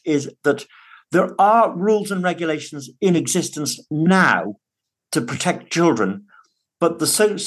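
A man talks as a guest in an interview, earnest and emphatic. His voice sits a little high for a man, and he often restarts his words as he goes. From United Kingdom. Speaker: podcast guest, father. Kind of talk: conversational interview.

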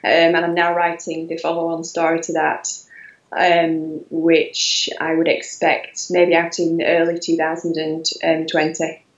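A woman in her forties with a Yorkshire accent, a podcast guest who talks haltingly with many fillers and restarts. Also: low-pitched, monotone, echoey room, lo-fi sound. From West Yorkshire, England. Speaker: guest author. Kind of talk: podcast interview.

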